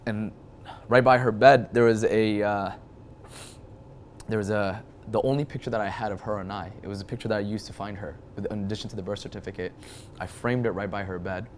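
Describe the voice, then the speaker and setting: Animated young man telling a story. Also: lowish voice, slight background noise. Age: 20s. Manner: animated, quick bursts with frequent restarts. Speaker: guest. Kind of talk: emotional storytelling in an interview.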